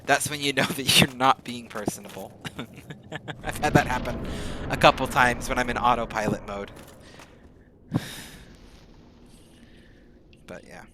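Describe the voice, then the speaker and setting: A man chatting casually while streaming a game, rambling and often speeding up into rapid talk. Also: mid-range voice. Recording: steady background noise.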